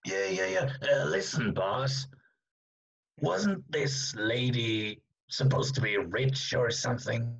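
Un homme qui joue un tueur à gages bavard et rocailleux. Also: male voice, medium pitch, slow, a bit bright, full character voice. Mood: puzzled. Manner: rambling, eager to please, gravelly. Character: dim-witted male hired killer, chatty. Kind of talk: amateur video-call play.

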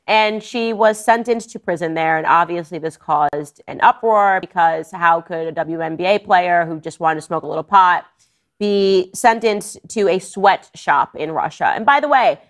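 A woman political commentator delivering a sarcastic, mocking opinion piece in an animated manner. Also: on the low side, normal speed.

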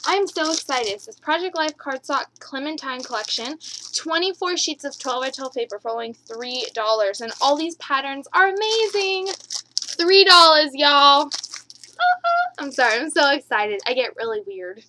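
Bubbly young woman vlogger, high bright voice. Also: animated, normal speed, a little hiss or hum, rough recording. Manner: bubbly, gushing. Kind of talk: excited haul vlog.

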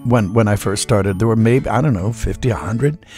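A man's voice: on the low side, normal speed, dark tone, soft background music. Chatty man telling stories in an interview. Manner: chatty, folksy, acts out voices in anecdotes. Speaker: voice actor guest. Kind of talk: relaxed interview storytelling.

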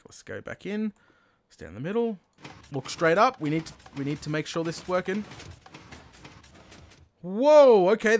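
A man narrating his own Minecraft play, talking himself through each step and bursting into excited shouts when things work. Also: fairly high pitch. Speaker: gaming channel host. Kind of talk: Minecraft let's play commentary.

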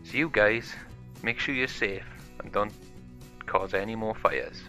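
An eager young fire pup with a can-do push in his talk, put on lightly by a man. He sounds keen and ready, slightly brighter than the storyteller. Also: lowish voice, a little slow, soft background music. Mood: urgent.

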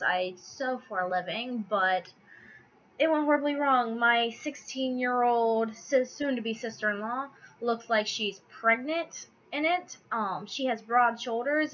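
A woman's voice: a little high, pushed and bright, muffled recording. A young woman venting in a casual vlog, stressed out, flustered and apologetic, full of ums and restarts. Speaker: vlogger tracking fertility. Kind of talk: casual rambling vlog rant.

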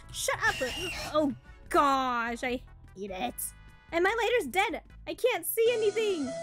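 A woman streamer reacting to a horror game live, jumpy, squealing and laughing her way through the scares. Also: high-pitched.

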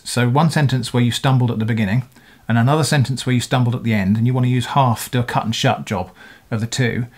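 A middle-aged man chats casually to his camera, answering viewers' comments. He talks in a thoughtful, meandering way, often backing up to fix what he just said. His voice sits at an ordinary middle pitch. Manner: thoughtful, rambling, with frequent self-corrections. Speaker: video creator answering comments.

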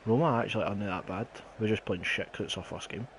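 A man's voice: fairly low pitch, fast talker, a little hiss or hum. A young Scottish man chatting casually and teasing his friends while playing a football game, laughing and swearing often. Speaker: gamer. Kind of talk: casual chat while gaming.

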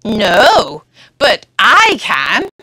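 Earnest little frog, slow storybook delivery, bright, woman putting it on. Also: mid-range voice, huge pitch swings, breathy edge, dry recording, exaggerated voice. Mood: cheerful. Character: small young frog, sad then cheerful.

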